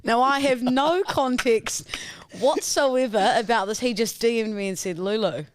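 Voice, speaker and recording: A podcast co-host chatting casually, teasing and chiming in with quick remarks. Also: mid-range voice, slight background noise. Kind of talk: casual chat.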